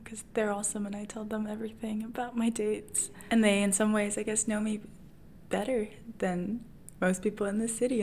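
A woman's voice: mid-range voice, darkish tone. A young woman hosting her own podcast, telling a personal story in a candid, self-mocking way and often laughing at herself. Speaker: podcast host.

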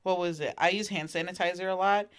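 A woman's voice: on the low side, quick pace, smooth. A young woman co-hosting a casual chat podcast, telling stories with lots of laughter and "like". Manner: giggly, animated storytelling with lots of "like". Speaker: podcast co-host.

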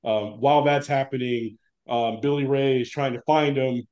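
A man's voice: medium pitch, fairly even intonation, normal speed, darkish tone, dull audio. A man co-hosting a podcast in casual chat, summarizing scenes with wry jokes. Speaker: podcast co-host.

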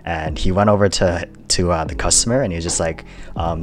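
A man's voice: low voice, fairly even intonation, fairly quick, soft background music. A young man co-hosting a podcast in casual chat, laid-back and laughing often as he rambles through a story. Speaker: podcast co-host.

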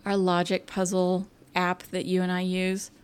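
A woman's voice: on the low side, monotone, a little slow, smooth. A woman co-hosting a podcast in casual chat, curious and teasing, asking lots of questions. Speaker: podcast co-host.

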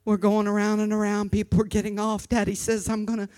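A woman's voice: mid-range voice, monotone, brisk, no echo. Impassioned woman preacher, dry close sound. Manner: impassioned, swinging from hushed storytelling to shouting; repeats words when stirred. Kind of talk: sermon with personal story.

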